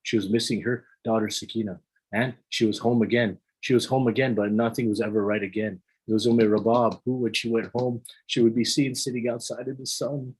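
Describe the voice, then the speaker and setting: A man delivers an emotional sermon at an ordinary pitch, his voice husky and a little breathy. He repeats and restarts phrases as the feeling builds. When the passion peaks he climbs into high, pleading tones. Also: little pitch movement, brisk, a little mellow, low-quality recording. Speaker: speaker leading a religious gathering.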